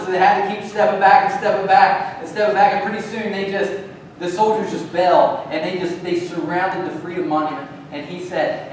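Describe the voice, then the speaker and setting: A man preaching a sermon in a church, telling a story with many restarts and swinging between hushed and loud delivery. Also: sits high, slight background noise. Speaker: pastor. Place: church sanctuary. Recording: echoey church hall from a distance.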